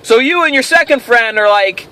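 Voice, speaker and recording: A man's voice: very high voice, lively intonation, moderate pace, bright, forceful tone. A man hosting a casual question-and-answer vlog, rambling and telling jokes with self-amused delight. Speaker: host of a toy show.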